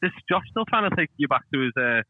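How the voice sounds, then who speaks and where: A man with a Scouse accent, a podcast guest joining over a call, halting and cheeky. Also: on the high side, sing-song, narrow, tinny audio, slight background noise. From Liverpool, England. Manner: halting, cheeky, restarts often.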